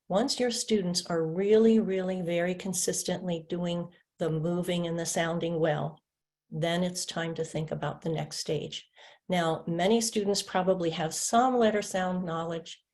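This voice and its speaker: This woman's voice sits on the low side and is a little mellow as she demonstrates speech sounds in a teacher-training webinar. She patiently stretches out and taps each sound, switching between teacher and student by answering as her own student at times.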